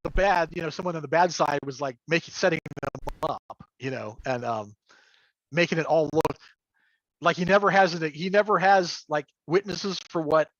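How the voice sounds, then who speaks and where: A man's voice: a little high, moderate pace, muffled recording, a little hiss or hum. A middle-aged man talking as a livestream guest about running games, rambling with many fillers and frequent laughs. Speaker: guest, game master and crafter. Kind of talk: casual livestream chat.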